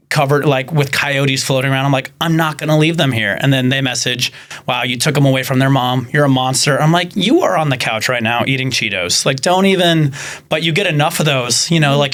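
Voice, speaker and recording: A man's voice: medium pitch, fairly quick. A man telling rescue stories. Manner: animated storytelling, acts out quoted people. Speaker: podcast guest, animal rescuer. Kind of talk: casual chat.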